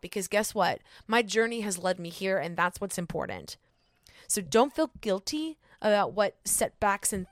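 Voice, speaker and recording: A woman's voice: mid-range voice, dry recording, studio quality. A woman in her thirties hosting a podcast, giving an earnest, encouraging solo pep talk with casual filler words. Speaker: podcast host.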